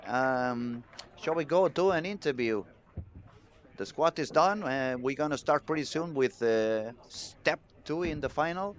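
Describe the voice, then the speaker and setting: Excitable male bowling commentator. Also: on the high side, unhurried. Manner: excitable, chatty, talks to the chat. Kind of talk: live sports commentary.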